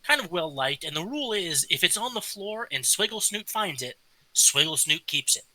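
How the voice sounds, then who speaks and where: A man's voice: high-pitched, very animated, normal speed, bright, forceful tone, no room sound, poor audio. A man narrating as game master of a tabletop game, describing scenes with casual fillers.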